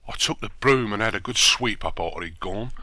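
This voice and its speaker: A man reading a bedtime story aloud in an expressive, lively storytelling manner. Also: on the low side, brisk, dry recording. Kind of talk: scripted narration of a bedtime story.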